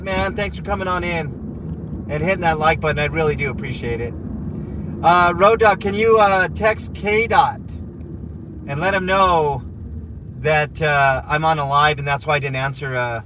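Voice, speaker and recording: Outspoken male streamer driving, slightly high voice, heavy road noise. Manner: blunt and opinionated, chatting to viewers. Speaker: live streamer. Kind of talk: casual live-stream talk while driving. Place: car on the road. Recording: muffled lo-fi with loud road noise.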